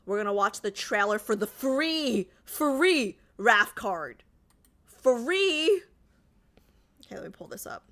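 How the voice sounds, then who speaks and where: A woman hosting a livestream talks casually to her viewers, her voice bright and sharp. Her pitch bounces all over as she jokes, reads out comments and answers them in an easy, chatty way. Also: animated, normal speed, hardly any pauses. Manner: chatty, jokey, reads and answers chat aloud. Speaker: streamer.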